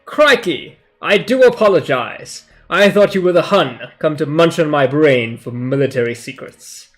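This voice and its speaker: A man doing a posh, excitable old English officer. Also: a little high, normal speed, soft background music. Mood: theatrical. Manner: posh, theatrical.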